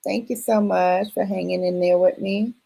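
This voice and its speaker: A woman's voice: mid-range voice, steady tone, moderate pace, creaky, warm tone, poor audio. A woman hosting a late-night live stream, chatting casually and affectionately with viewers, laughing often and using playful slang. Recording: music in the background. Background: music playing.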